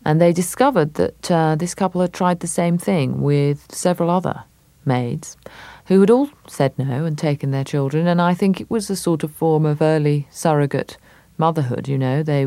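An English actress as a radio interview guest, telling stories thoughtfully with many hesitations. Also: female voice, deep voice, creaky, warm tone, no room sound.

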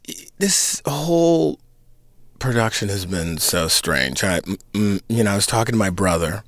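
A man's voice: on the low side, lively intonation, moderate pace, fairly bright tone, no echo. A man in his fifties, an actor and singer, answering interview questions in a reflective, conversational way with fillers and restarts. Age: 50s. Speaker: actor and singer in an opera production.

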